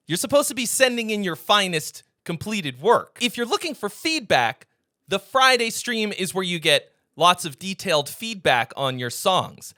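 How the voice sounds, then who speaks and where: A man's voice: high-pitched, sing-song, normal speed, bright, forceful tone, no echo, clean studio sound. A man hosting a casual song review, blunt, sarcastic and profane. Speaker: music reviewer and host.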